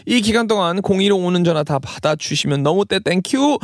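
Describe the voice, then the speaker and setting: A man co-hosts a radio show and reads quirky stories aloud in a quick, playful way. His voice sits high and moves at a brisk pace. It is captured close on a dry studio mic. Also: animated, no room sound. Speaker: radio co-host. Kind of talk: bilingual radio banter. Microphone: studio microphone.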